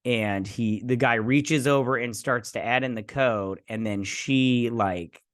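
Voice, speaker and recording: A man's voice: mid-range voice, a little slow. A man hosting a casual TV review, rambling through an episode recap with loose asides and fillers. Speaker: host of a TV review channel.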